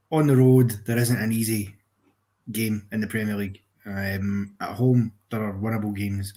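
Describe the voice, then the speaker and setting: Measured man calling in with football analysis. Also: fairly low pitch, a little mellow. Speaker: caller on fan stream. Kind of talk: live stream football chat.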